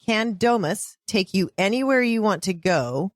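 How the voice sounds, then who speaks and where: A woman's voice: mid-range voice, expressive, unhurried, no room sound, studio quality. A woman co-hosting a casual book discussion podcast, playful and teasing. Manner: playful, teasing, laughs often. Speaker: podcast co-host.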